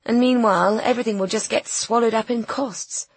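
A woman's voice: on the high side, steady tone, a little fast, husky, dry recording, voice pushed up. A woman voicing spoiled, pouty young Kate. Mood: petulant. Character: pampered, spoiled young woman, wistful and petulant. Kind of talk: audiobook character voice.

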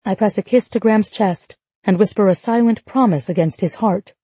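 A woman narrates a novel in the first person with a measured, emotive reading. Her voice is husky and mellow in tone. The recording is dry and close, with no room sound. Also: mid-range voice, no echo. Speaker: audiobook narrator.

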